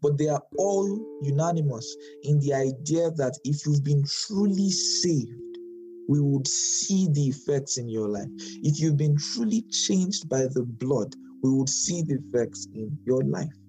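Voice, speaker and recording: A man as pastor, teaching a Bible study sermon, quoting verses with stress and asking quick tag questions. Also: on the high side, expressive, dark tone, faint music behind, poor audio.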